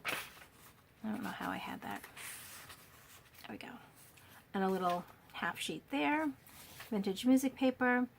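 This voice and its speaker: Pitched fairly high with some vocal fry, a crafter walks through a journal she made by hand, gushing over every page in a casual show-and-tell. She's slightly losing her voice, so it sounds a little worn, and her speech is packed with fillers and restarts. There's slight background noise.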